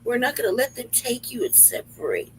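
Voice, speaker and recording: A woman mimicking a soothing, condescending female politician in a mockingly gentle way. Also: a little high, big pitch swings, fairly quick, a little hiss or hum, pitched above the performer's own voice.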